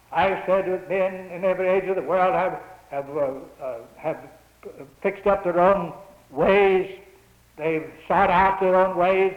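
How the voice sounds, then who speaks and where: A man preaches in a high voice, swelling into emphatic peaks and repeating key phrases. The sound is dull and lo-fi, with plenty of room echo around him, like an old church tape. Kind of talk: sermon. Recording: muffled roomy old church recording.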